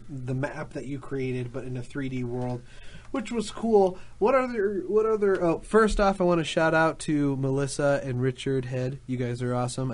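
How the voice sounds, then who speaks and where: Eager male radio co-host, casual, middle pitch. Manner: enthusiastic, quick reactions.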